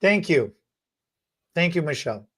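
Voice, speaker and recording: A man co-hosting a beauty podcast, telling stories in a lively, casual way and often repeating words. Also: fairly high pitch, unhurried, breathy edge. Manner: animated, repeats words, acts out quotes. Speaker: podcast co-host, hair educator. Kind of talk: casual storytelling chat.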